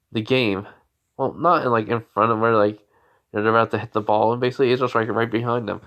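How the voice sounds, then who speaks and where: A man's voice: medium pitch, a bit bright. Rambling man telling a fan story. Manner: rambling, full of fillers like "you know" and "like". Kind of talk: improvised spoken fan fiction.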